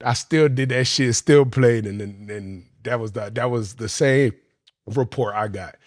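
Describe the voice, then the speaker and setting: A man telling his football career story on a podcast, animated, profane and slangy. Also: medium pitch, unhurried, no echo, clean studio sound.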